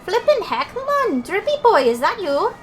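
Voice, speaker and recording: A woman's voice: very high-pitched, big pitch swings, measured pace, pitched above the performer's own voice, heavily acted. A woman voicing Drippy, a chatty, boastful male fairy sidekick, with a put-on Welsh accent and a bouncy, slangy lilt. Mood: excited.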